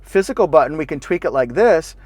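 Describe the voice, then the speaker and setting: A man's voice: on the high side, lively intonation, brisk, a little mellow, slightly rough, no room sound. A man giving a casual, upbeat car review from inside a parked car, playful and talkative, with goofy sound effects. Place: inside a parked car with the engine and air running.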